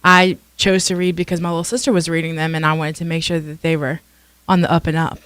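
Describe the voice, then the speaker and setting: A woman on a talk show panel, chatting in a bright, giggly way. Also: deep voice, flat delivery, fast talker, clean tone, dry recording. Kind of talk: casual chat.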